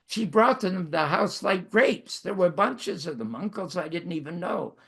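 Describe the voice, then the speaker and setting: Gravelly old guy in his 90s, canadian, telling life stories, dry self-mocking humor, husky voice. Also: high voice, expressive, normal speed, fairly bright tone. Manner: wry, self-mocking storytelling. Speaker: host. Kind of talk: storytelling monologue.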